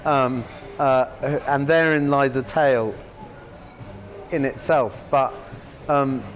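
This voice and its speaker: A man in his fifties spins long, rambling stories as a podcast guest, stopping and restarting mid-sentence before gathering pace again. His voice sits at a middling pitch, and clear music plays behind him. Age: 50s. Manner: rambling and halting, many restarts, animated. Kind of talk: anecdotal storytelling.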